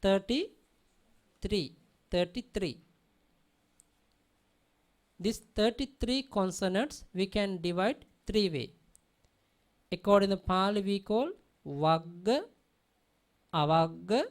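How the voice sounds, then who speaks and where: Female teacher, slow deliberate delivery, repeats each word in drills, keeps asking if students follow. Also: mid-range voice. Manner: drills pronunciation by repeating words, often checks understanding. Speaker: Pali teacher. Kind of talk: classroom language lesson.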